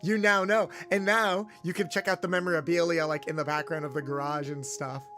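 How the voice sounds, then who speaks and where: Young male VTuber, casual and animated, light mechanic-persona patter, soft music bed. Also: on the high side, fairly quick. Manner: chatty, animated, in-character garage mechanic patter. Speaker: VTuber streamer. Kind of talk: casual livestream chat.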